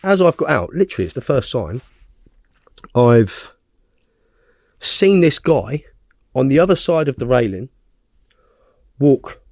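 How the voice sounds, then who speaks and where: A man, a young adult at a guess, telling a story on a podcast in a blunt, profane way. His voice sits at an ordinary pitch for a man, and the recording is close and dry, with no room sound. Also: very animated, measured pace, pauses often, darkish tone, no room sound. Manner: vivid, blunt storytelling full of swearing. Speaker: podcast guest.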